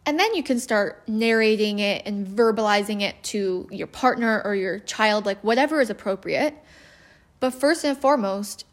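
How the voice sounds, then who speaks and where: A woman hosting a solo podcast, talking in an earnest, conversational way about parenting and laughing now and then. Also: on the high side. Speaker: podcast host.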